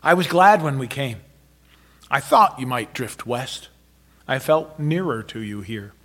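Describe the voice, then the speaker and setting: A man voicing a loving middle-aged mother who speaks softly and tenderly, sometimes near a whisper. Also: medium pitch, lively intonation, unhurried. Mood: gentle. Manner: soft, tender, at times hushed.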